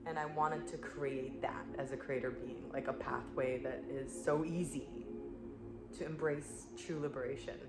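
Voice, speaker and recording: A woman spiritual coach speaking in an earnest, searching way, full of "like" and soft laughs, in a reflective monologue. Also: extremely low pitch, fairly even intonation, a little slow, over loud music. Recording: echoey room with clear background noise.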